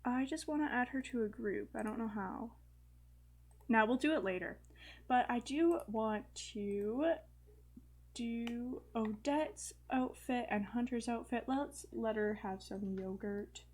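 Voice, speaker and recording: A woman's voice: on the high side, slow, a little mellow. Chatty young woman narrating her gameplay. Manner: chatty, frequent fillers and light laughs. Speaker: gaming video host. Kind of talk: casual let's-play commentary.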